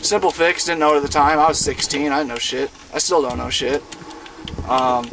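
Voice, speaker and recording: A man's voice: on the high side, fairly even intonation, a little fast, fairly bright tone, slight background noise. Laid-back profane young guy streaming. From Iowa, USA. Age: 20s. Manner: laid-back, profane, rambling with lots of fillers. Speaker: gaming streamer. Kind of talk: casual storytelling while gaming. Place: inside a van.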